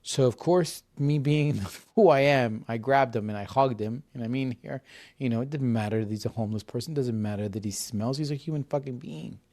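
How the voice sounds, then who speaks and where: Speaking fairly quickly with a slightly mellow, medium-pitched voice, a man in his fifties tells a heartfelt story as a podcast guest. His conversational interview manner is earnest, full of restarts and repeated words.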